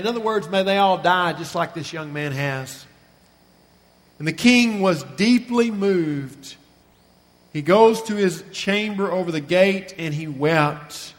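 A man preaching a sermon, retelling a scripture story with earnest feeling and slowing down and softening on the sad passages. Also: high-pitched. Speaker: pastor. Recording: long reverb of a large hall.

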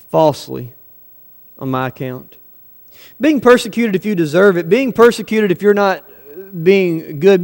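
A man's voice: high-pitched, a little mellow. A man preaching a sermon to his church, conversational and asking the congregation rhetorical questions. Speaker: pastor. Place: church sanctuary. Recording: long hall reverb.

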